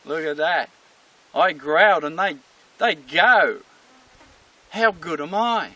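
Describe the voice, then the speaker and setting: A man's voice: a little high, slow, sharp tone, no echo, far from the mic, rough recording. A man voicing a gloating smug guard dog. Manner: gloating, self-satisfied inner voice. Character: smug territorial male pet dog.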